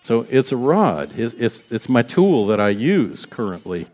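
A man voicing Moses as a hesitant, halting older shepherd within a sermon. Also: mid-range voice, big pitch swings, a little mellow.

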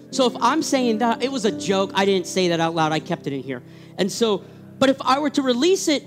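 A middle-aged man preaching a sermon, energetic and fervent, often repeating his words as he builds up. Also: high-pitched, normal speed, music in the background. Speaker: pastor.

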